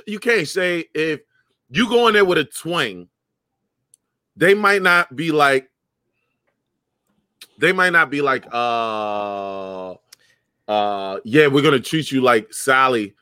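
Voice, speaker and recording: A man's voice: on the high side, sharp tone, dry recording, clean studio sound. A man co-hosting a podcast, brash and profane, pushing back hard in a casual argument. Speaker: podcast co-host. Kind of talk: casual heated podcast debate.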